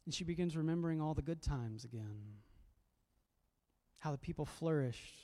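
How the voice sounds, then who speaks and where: A man's voice: fairly high pitch, expressive, moderate pace, long pauses, warm tone. A man preaching a sermon as a pastor, reflective and conversational, often repeating words as he goes.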